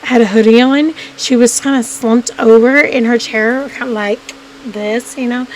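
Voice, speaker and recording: A woman with a fairly high voice talks straight to her viewers in a casual vlog. She rambles as she tells a personal story and keeps restarting her sentences with fillers. A faint hiss sits under her voice. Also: fairly even intonation, measured pace, darkish tone, poor audio. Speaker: vlogger.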